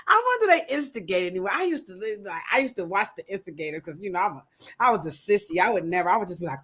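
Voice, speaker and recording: A woman hosting a casual podcast livestream, talking in a playful, animated way. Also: medium pitch, quick pace, slightly rough. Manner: animated, playful, acts out quoted voices. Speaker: podcast host.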